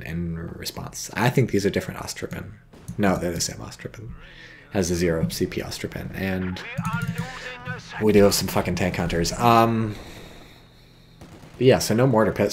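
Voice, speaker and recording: A man's voice: deep voice, vocal fry, slight background noise. A man casually commentating a strategy game match, with a dry, rambling manner and hiccups, reading viewer chat aloud. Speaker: game caster.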